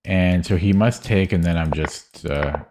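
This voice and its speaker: Young male streamer, deep voice, unhurried, mumbles and corrects himself while thinking aloud. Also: noisy background. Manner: muttering, hesitant, self-correcting. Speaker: chess streamer.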